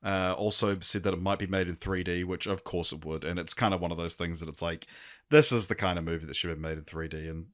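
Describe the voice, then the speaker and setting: Male podcast co-host, lowish pitch, hesitant and chatty. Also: fairly even intonation, quick pace, a bit bright. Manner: hesitant, many ums and restarts. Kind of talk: casual film review chat.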